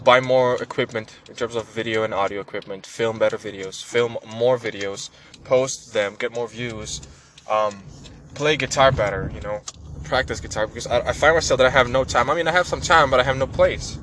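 An earnest man vlogging to his viewers, circling back and repeating words as he talks, with the of someone who learned it later. His voice sits mid-pitch, and a faint hum of a vehicle runs beneath it. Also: a bit bright, poor audio. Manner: earnest, rambling, many restarts and repeated words. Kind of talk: casual personal vlog monologue.

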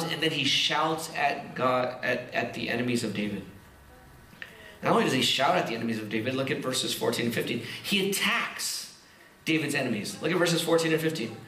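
A man preaching a sermon, reading scripture slowly and explaining it in a lively, conversational way with casual asides. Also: medium pitch, reverberant, a little hiss or hum. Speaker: pastor.

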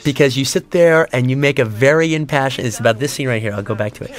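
A man's voice: medium pitch, fast talker. A man giving a casual audio commentary on a film, rambling with many fillers and restarts and acting out audience reactions in a raised voice.

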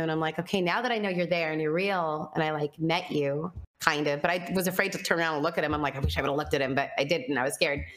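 In a casual conversation, a woman tells her own story with a lowish, fairly bright voice. She's chatty and earnest, reflective in manner, and her talk is full of fillers and quoted thoughts.

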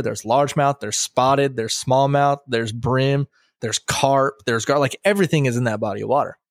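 A man in his thirties spins a casual fishing yarn, jumping into quoted voices of himself and his buddies. His voice sits at a middle pitch, and the recording is dry and close with no room sound around it. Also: no echo. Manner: animated storyteller, quotes himself and friends. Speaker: podcast host. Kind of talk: casual chat.

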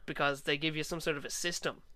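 A man's voice: a little high, fairly even intonation, fast, pushed and bright, no room sound. An Irish man in casual chat, chatty and swearing freely. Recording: faint background noise.

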